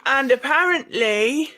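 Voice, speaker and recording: A woman's voice: high voice, heavy background noise. A woman performing a self-deprecating stand-up comedy set on a stage microphone, landing punchlines. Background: audience laughter.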